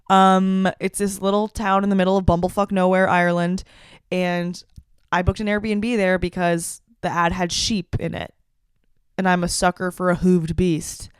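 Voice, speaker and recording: A young woman in her twenties hosting a comedy podcast, telling a story in an animated, profane and self-mocking way. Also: lowish voice, clear, resonant tone, dry recording, clean studio sound. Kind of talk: storytelling monologue.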